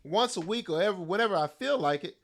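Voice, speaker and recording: Quick and expressive, with a high-pitched voice, this middle-aged man hosts his podcast as a stand-up comic. He wanders from topic to topic, cracking jokes about himself in slangy, easygoing speech.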